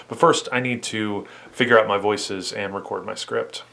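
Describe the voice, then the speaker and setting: A man's voice: on the low side, steady tone, moderate pace, gravelly, over loud music. A man in his thirties, chatting casually in a vlog as he explains his plans. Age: 30s. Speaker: vlogger.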